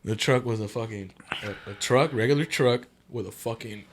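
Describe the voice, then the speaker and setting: Brief: male podcast guest, loose profane storyteller, mid-pitched, faint ambient noise behind. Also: normal speed. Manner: slangy and profane, acts out quotes in animated voices. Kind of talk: casual storytelling chat.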